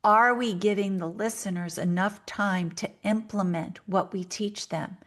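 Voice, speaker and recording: A woman hosting a solo podcast, talking earnestly and directly to listeners with coaching advice, sometimes speeding up for quick acted asides. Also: medium pitch, steady tone, fairly bright tone. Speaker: podcast host.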